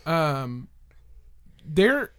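Very slowly and in a sing-song, slightly bright voice of middle pitch, a podcast host sarcastically dismantles a story in loose, casual conversation. The debunking is informal, sprinkled with curses and little laughs.

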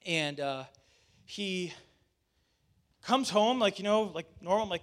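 A man's voice: high-pitched, animated, a little slow, long pauses, a bit bright. A male pastor telling a personal story in a casual sermon, chatty with fillers and restarts, acting out what people said.

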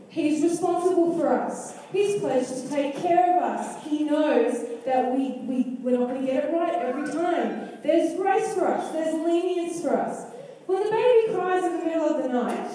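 A woman's voice: sits high, dark tone, slight background noise. A woman preaching a sermon, asking the congregation questions and acting out lines of scripture. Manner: interactive, asks the congregation questions; acts out quoted lines of scripture. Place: church hall. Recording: echoey hall, mic far off.

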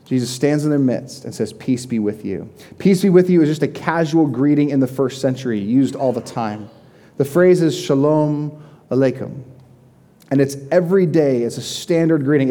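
Young male pastor, relaxed warm tone, chatty sermon with vivid retelling. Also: mid-range voice. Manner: conversational, vivid storytelling with frequent "like".

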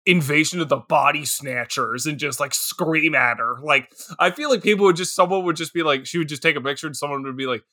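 Bright-voiced laughing man co-host. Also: on the high side, brisk, hardly any pauses. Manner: animated, laughing often, jumps into put-on voices. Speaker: podcast co-host. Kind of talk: casual movie-review chat.

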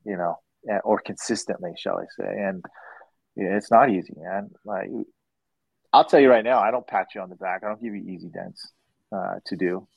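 A low, gravelly man rambles through a laid-back podcast chat, doubling back on his words as he goes. The sound is dull and dry, like a lo-fi recording with no room. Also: moderate pace, no room sound. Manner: rambling, repeats words, laughs easily. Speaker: host and dent repair trainer.

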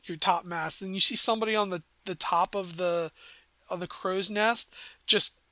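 A man's voice: high-pitched, steady tone, normal speed, sharp tone, no echo. A man narrating a tabletop game as game master, descriptive and rambling with many fillers.

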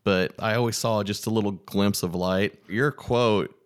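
Low-voiced male podcast host. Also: steady tone, moderate pace, smooth. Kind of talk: casual interview chat.

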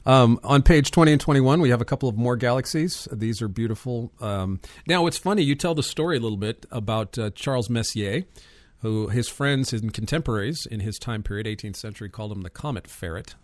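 A man hosting a casual conversation, chatty and quick to laugh, with frequent fillers. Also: medium pitch, no echo, studio quality. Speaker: host. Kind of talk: casual chat about astronomy.

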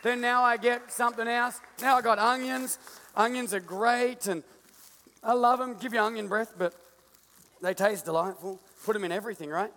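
A man with an Australian accent preaching a sermon with playful jokes and an animated stage illustration in a large church auditorium. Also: extremely high pitch, moderate pace, long reverb tail. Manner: playful, joking, animated with the crowd. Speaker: pastor.

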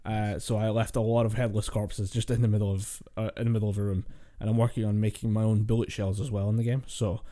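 A man's voice: lowish voice, level tone, fast, hardly any pauses, mellow. A man co-hosting a casual gaming podcast, telling stories in a rambling way with laughs, swears and restarts. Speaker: podcast co-host.

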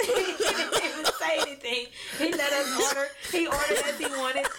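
A woman comedian guest on a casual podcast, telling animated stories and laughing through her lines. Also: sits high, normal speed, a loud crowd. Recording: loud background noise.

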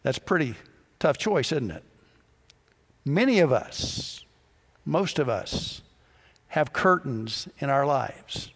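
A man's voice: mid-range voice, expressive, takes it slowly, vocal fry, long pauses. Man preaching in a reverberant church. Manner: storytelling, acts out dialogue in quoted voices. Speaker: pastor. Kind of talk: sermon.

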